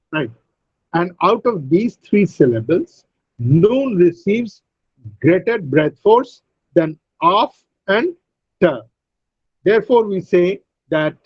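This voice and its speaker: Male teacher, high and husky voice, recorded over a dull, lo-fi video call. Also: no echo. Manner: explains slowly, repeats words, uses frequent fillers. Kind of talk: online English phonetics lecture.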